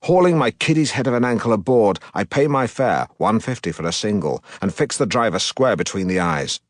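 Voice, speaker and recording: A man reading an audiobook as a pompous, self-regarding middle-aged broadcaster, in a deadpan, self-important manner. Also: fairly low pitch, a little fast, no echo, studio quality, natural voice. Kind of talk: audiobook narration.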